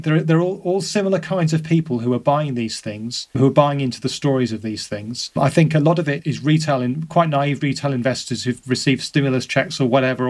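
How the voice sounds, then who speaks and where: A man speaks as a guest on an interview podcast at a brisk clip. His pitch sits in an ordinary middle range, and he works through ideas aloud, stumbling and repeating words as he goes. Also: darkish tone. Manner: thoughtful, repeats words as he thinks. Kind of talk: conversational interview.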